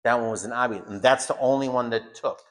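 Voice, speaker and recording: A man's voice: medium pitch, quick pace, fairly bright tone. Blunt, emphatic man teaching a class. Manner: emphatic, blunt, repeats phrases for stress. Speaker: home school teacher. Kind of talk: informal lecture to students.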